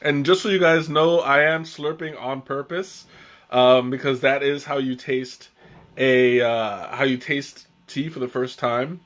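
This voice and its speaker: A man's voice: mid-range voice, steady tone, measured pace, a bit bright. A young man hosting a live tea tasting stream, chatting casually in a rambling way with restarts and chuckles.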